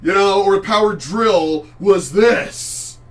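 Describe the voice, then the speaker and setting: A man's voice: high-pitched, slow, a bit bright, far from the mic. A middle-aged man ranting bluntly on a livestream, heated and full of curse words. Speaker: vlogger. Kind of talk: ranting live-stream monologue.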